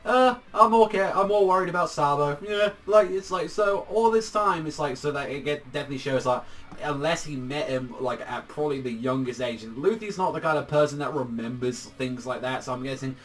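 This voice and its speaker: A man's voice: mid-range voice, brisk. A young man reviews a manga chapter in a loose, rambling way. His talk is heavy with fillers and casual swearing. He sits a little back from the mic, so the sound is slightly distant.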